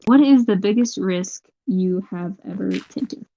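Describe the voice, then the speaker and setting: A young woman hosting a casual gaming chat, telling a story in an animated, giggly way. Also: medium pitch, a little slow, gravelly. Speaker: host. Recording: lo-fi muffled mic.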